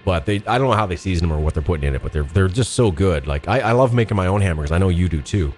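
A man's voice: low voice, lively intonation, racing, darkish tone, a little hiss or hum. A middle-aged man co-hosting a podcast over Skype, chatting casually, rambling and laughing often. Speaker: podcast co-host. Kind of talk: casual chat. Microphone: talking over Skype.

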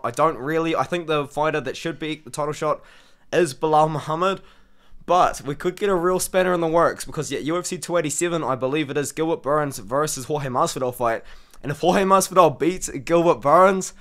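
A man with a voice worn hoarse from shouting talks through his fight picks in a loose, chatty way. His voice sits a little high for a man, and he rambles from one thought to the next. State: hoarse from screaming. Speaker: MMA analysis channel host. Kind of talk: casual fight-prediction commentary.

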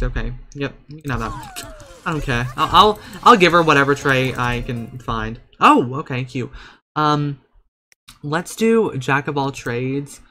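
A man's voice: medium pitch, bright, forceful tone, a little hiss or hum. Sassy, campy young man gaming. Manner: campy, sassy, swears a lot, swings between cooing and outbursts. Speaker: gaming channel host. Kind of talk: casual let's-play commentary.

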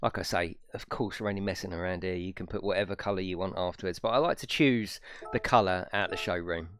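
A man's voice: low voice, fast, a bit bright. A young man casually chatting on a live stream, swearing freely and laughing often. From United Kingdom. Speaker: gaming streamer.

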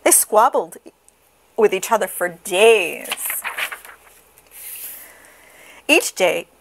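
A woman reading a children's picture book aloud in a slow, expressive sing-song. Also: mid-range voice, creaky, background noise. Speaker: storybook reader.

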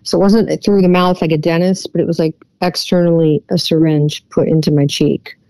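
A woman who is a guest on an interview podcast, earnestly retelling a personal experience and often pausing on fillers. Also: fairly low pitch, steady tone, warm tone, no room sound.

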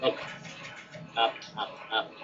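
A man's voice: slow pace, lo-fi sound. A man gaming with a friend, casually teasing and mocking him. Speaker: co-op game partner. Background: game music.

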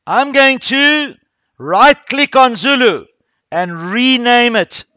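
High-voiced man teaching coding. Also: animated, slow, sharp tone, no room sound. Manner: talks through each click step by step, addressing pupils. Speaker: primary school coding teacher. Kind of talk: classroom coding tutorial. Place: school classroom.

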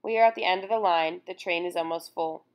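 A woman reading a first-person memoir aloud in a solemn, measured way. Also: on the low side. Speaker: audiobook narrator.

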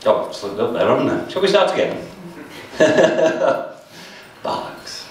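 A man's voice: a little high, sing-song, moderate pace. Playful man reciting comic verse. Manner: playful, self-mocking, stumbles and restarts. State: a bit tipsy. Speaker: poet performing live. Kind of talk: comic poetry performance. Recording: echoey room, mic at a distance.

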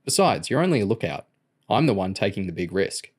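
A confident, scheming teenage boy who lays out his plan with easy assurance, voiced by a man reading an audiobook. The voice sits low and steady, close to the reader's own. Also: a little fast, breathy edge. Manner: confident, explaining.

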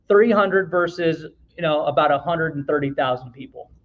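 A man's voice: fairly high pitch, fairly quick, few pauses, lo-fi sound. A man teaching a church Bible class in a conversational way, reading scripture aloud and putting questions to the class.

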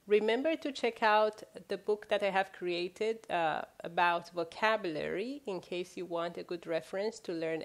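Woman, language teacher, mid pitch, careful slow drilling of words. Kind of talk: vocabulary lesson.

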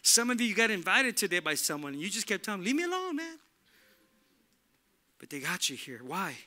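A man's voice: high-pitched, lively intonation, fast talker, pushed and bright. A male pastor preaching a sermon in a casual, slangy, emphatic way, often repeating "look" to drive a point home. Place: church.

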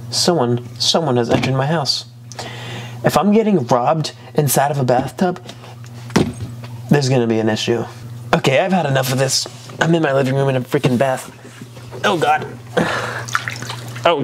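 Excitable man hosting a comedy review vlog. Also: medium pitch, normal speed, background noise. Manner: excitable, exclaims often. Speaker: host. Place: living room at home.

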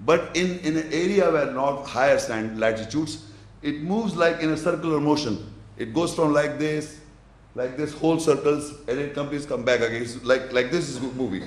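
Man giving a slow, probing religious lecture. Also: on the high side, reverberant. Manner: explains slowly with gestures, checks the audience's understanding. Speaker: Islamic lecturer.

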